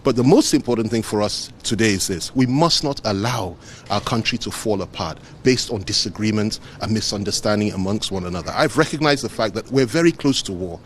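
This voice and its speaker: A man's voice: fairly low pitch, a little fast, slight background noise. A man giving an earnest, emphatic press statement, repeating phrases for weight. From Nigeria. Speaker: politician speaking to the press.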